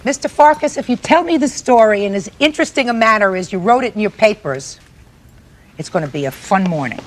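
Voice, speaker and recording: A woman's voice: mid-range voice, lively intonation, a little fast. An older woman with a New York accent, presiding as a TV courtroom judge, blunt and commanding as she cross-examines. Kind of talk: TV courtroom arbitration.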